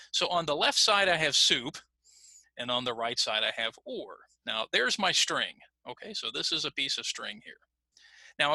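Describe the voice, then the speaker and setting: Lively, bright-voiced male ESL teacher. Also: a little high, dry recording. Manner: patient explaining, lively intonation. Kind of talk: recorded online lesson.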